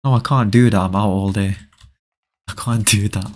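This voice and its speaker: A man's voice: on the low side, fairly even intonation, normal speed. A young man chatting casually with viewers during a live game stream, often repeating short phrases.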